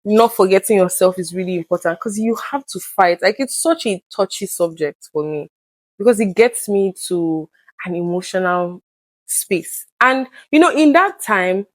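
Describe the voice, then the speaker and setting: A woman of medium pitch talks at a moderate pace, with no echo on the recording. As a guest in a candid, personal conversation, she comes across earnest and open, often bringing past conversations to life with lively quoted voices.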